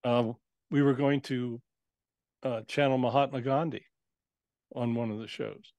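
A man's voice: mid-range voice, fairly even intonation, unhurried, a little mellow, no echo. A man who works as a spirit channeler, a guest on an interview show, telling his experiences in a casual, earnest, matter-of-fact way.

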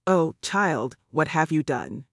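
A man's voice: fairly high pitch, animated, a bit bright, dry recording, clean studio sound, heavily acted. A man reading a fretful devout old great-aunt. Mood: frightened. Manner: scolding, rapid worried questions. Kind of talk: audiobook character voice.

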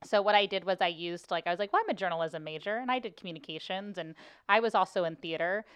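Young woman, podcast host, smooth clear voice, casual animated chat, laughs a lot. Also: lowish voice, fast.

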